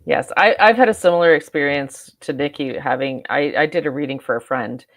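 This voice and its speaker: A woman psychic medium in casual chat, speaking haltingly with restarts. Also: low voice, no echo.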